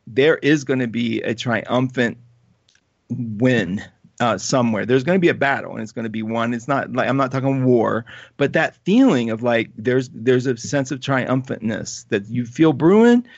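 A man hosting a live astrology talk show, reading viewer comments in an animated, chatty way and laughing often. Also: medium pitch, no echo, highs cut off.

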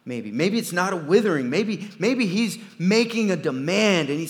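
A man preaching a sermon as pastor, swinging from quiet, low asides to loud, emphatic peaks. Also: lively intonation, moderate pace, few pauses. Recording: long reverb of a large hall.

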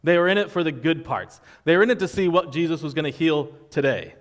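Conversational preacher in a reverberant hall. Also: male voice, fairly high pitch, animated, fast. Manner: conversational, wry, acts out quoted voices. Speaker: pastor. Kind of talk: sermon.

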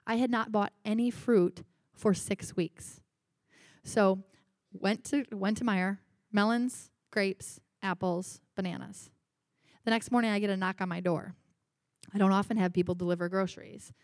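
A woman's voice: mid-range voice, fairly even intonation, moderate pace, a little mellow, no echo, clean studio sound. A woman sharing personal stories in church, in a chatty way with many fillers. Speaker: pastor's wife sharing stories. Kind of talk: personal testimony.

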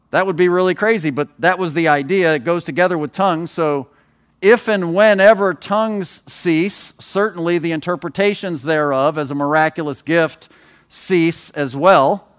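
A man's voice: high-pitched, fairly bright tone. Male pastor preaching in a chatty storytelling way. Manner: conversational storytelling with asides. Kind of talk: sermon.

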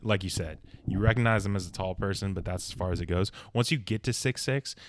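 A lower-pitched man, chatting as a podcast co-host. He rambles through animated stories and acts out the quotes of the people in them. The sound is dry and close, with little room around it. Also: fast talker, no room sound. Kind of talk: casual chat.

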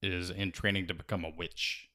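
A man's voice: deep voice, little pitch movement, normal speed, bright, forceful tone. A man and father talking casually about reading books to his children, enthusiastic and a bit rambling. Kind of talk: casual chat.

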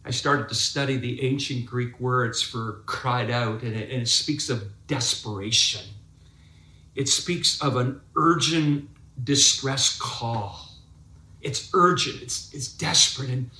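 A male pastor delivering a sermon in a bright, forceful voice. He talks emphatically, drawing out phrases and repeating words for stress. The sound carries the reverberation of a large echoey church space. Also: medium pitch.

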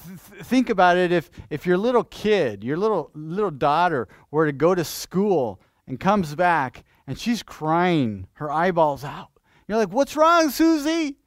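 A pastor preaching in church, lively and questioning, restarting phrases and asking the congregation things. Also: male voice, on the high side, unhurried, hardly any pauses, no echo, clean studio sound. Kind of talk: sermon.

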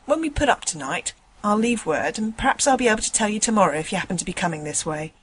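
A woman's voice: medium pitch, expressive, quick pace, husky. A woman voicing a chatty, indignant male tram conductor, rambling in folksy dialect. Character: chatty working-class male tram conductor, middle-aged.

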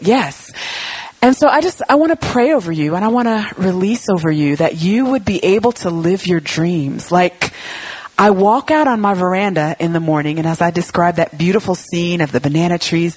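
Husky earnest woman preaching. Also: on the low side, dry recording, poor audio. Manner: earnest, emphatic, repeats phrases. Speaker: guest speaker. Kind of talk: sermon and prayer.

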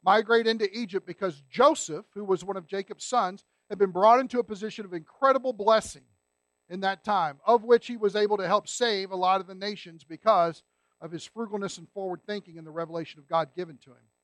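High-voiced emphatic male preacher. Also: fairly even intonation, fairly quick, a bit bright, no echo. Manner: emphatic, with rhetorical questions to the congregation. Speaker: pastor. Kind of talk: sermon.

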